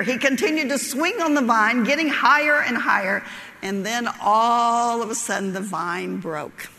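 Brief: woman preacher, high and bright, folksy storyteller, long hall reverb. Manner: folksy storytelling, laughs at her own jokes. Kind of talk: sermon with a joke story.

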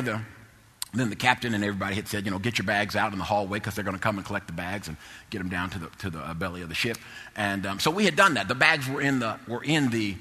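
A man preaching a sermon through a personal story, dropping to low murmurs and rising to loud exhortation. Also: breathy edge, long reverb tail.

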